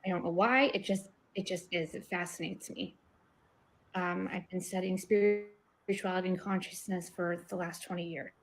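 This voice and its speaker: A woman's voice: fairly low pitch, steady tone, normal speed. A woman in a casual online discussion, earnestly explaining her ideas with rising emphasis. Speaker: guest researcher.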